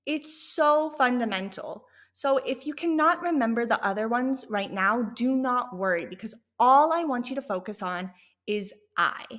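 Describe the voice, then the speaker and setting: A woman's voice: fairly high pitch, lively intonation, moderate pace, a bit bright. A woman teaching an online language lesson, encouraging and repeating words for learners to echo back. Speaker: Spanish teacher.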